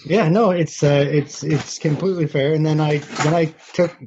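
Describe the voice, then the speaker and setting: Brash, swearing podcast co-host. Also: male voice, fairly high pitch, fairly even intonation, moderate pace, lo-fi sound, background noise. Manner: brash, profane storyteller. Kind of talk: casual podcast banter.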